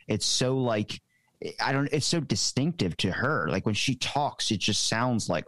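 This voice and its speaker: A man's voice: medium pitch, lively intonation, a little slow, fairly bright tone, dry recording. An American man hosting a casual podcast chat, joking and slangy. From United States.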